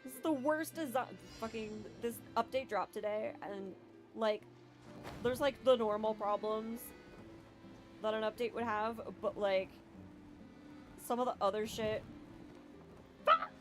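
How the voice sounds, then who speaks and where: A woman streaming a video game, complaining and cursing at it, swinging between low muttering and loud outbursts. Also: a little slow, long pauses, faint music behind. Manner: frustrated, swearing, swings from muttering to yelling. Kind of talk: live gameplay commentary.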